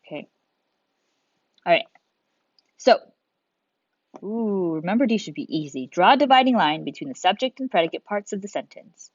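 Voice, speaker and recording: A female teacher records a video lesson for young kids, cheerfully walking them through each step. Her mid-range voice is animated and paced normally, with frequent pauses. The sound is close and dry with no echo, slightly dull like a basic home setup.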